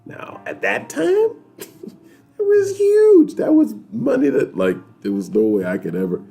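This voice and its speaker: A man from New York, hosting a weekly chat and telling a story to viewers in a lively, laughing way. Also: fairly low pitch, normal speed, vocal fry, husky, faint music behind. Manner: animated, laughing, talks straight to viewers.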